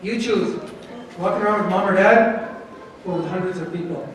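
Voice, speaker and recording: A man's voice: sits high, normal speed. A man teaching children at a temple program, coaxing and playful, putting questions to the kids. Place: large echoing temple hall. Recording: echoey hall, voice from far off.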